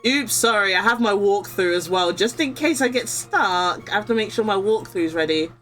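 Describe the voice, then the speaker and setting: A woman's voice: mid-range voice, lively intonation, moderate pace, fairly bright tone, soft background music. A young woman streaming a game, chatting bluntly and casually while playing, often laughing. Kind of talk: casual gameplay commentary.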